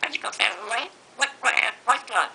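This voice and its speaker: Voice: medium pitch, measured pace, creaky, pushed and bright. A pet parrot mimicking a woman's voice with short squawky words. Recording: noisy home video.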